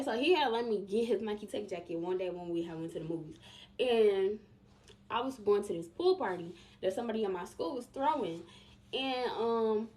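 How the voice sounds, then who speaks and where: A young woman, chatting casually to her viewers as she tells a story about her life. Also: fairly high pitch. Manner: chatty and emphatic, addresses viewers directly. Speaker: vlogger.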